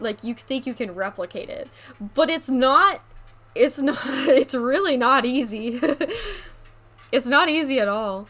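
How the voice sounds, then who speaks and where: Bright chatty woman, slight New England accent. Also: on the high side. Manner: rambling, filler-heavy, quick to laugh. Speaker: streamer. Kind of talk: casual live-stream chat, answering chat.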